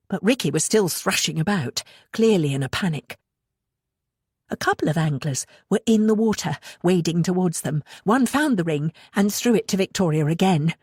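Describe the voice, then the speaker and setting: A woman narrates a thriller audiobook in an even, measured tone. Her voice sits low, and the close studio mic gives a dry sound. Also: husky, dry recording. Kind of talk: scripted narration.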